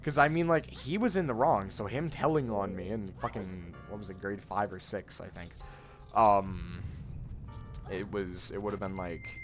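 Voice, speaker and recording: A young man with a voice on the low side speaks unhurriedly over music. As a let's play co-host, he tells a rambling school story while gaming, with many restarts and casual swearing.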